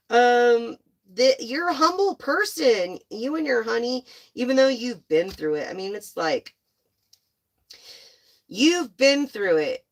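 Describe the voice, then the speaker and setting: A young woman giving a casual, excitable tarot reading to her viewers, gushing and swearing freely. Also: mid-range voice. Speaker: tarot reader.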